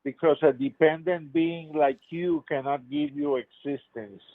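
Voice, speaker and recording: A man's voice: fairly high pitch, steady tone, a little slow, no echo. Insistent fifties man on a tinny phone line. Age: 50s. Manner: insistent, repeats his points in circles. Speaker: caller. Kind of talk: live call-in debate.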